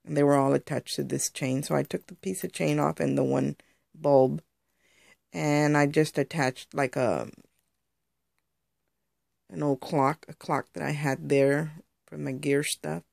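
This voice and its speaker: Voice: medium pitch, steady tone, unhurried, vocal fry, pauses often, a little mellow, dry recording, studio quality. A crafter chatting through a casual show-and-tell tutorial on handmade jewelry, rambling and explaining step by step.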